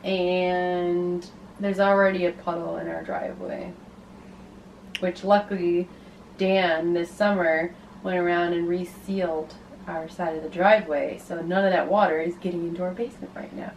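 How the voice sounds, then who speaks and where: A woman co-hosting a casual vlog chat, chatty and quick to finish her husband's sentences. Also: fairly low pitch, steady tone, slight background noise, poor audio. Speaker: vlog co-host.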